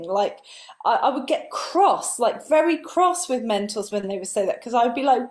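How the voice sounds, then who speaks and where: A woman spiritual coach gives an earnest live motivational talk, building her points through repeated lists. Her voice sits high and animated at a normal speed, sinking soft and breathy on key words.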